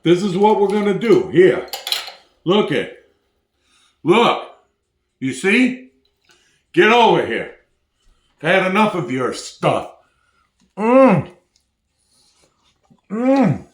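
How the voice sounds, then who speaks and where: A man with a fairly high voice hosts a casual cooking video. He jokes loosely, talks with his mouth full and hypes his viewers. The sound carries the echo of a hard-walled home kitchen. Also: big pitch swings, extremely slow, long pauses.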